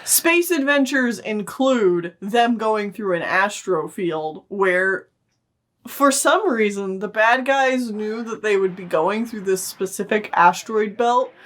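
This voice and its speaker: A woman's voice: medium pitch, animated, slow pace, a bit bright. A young woman co-hosting a casual movie review chat, wry and blunt, with frequent laughter. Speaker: podcast co-host.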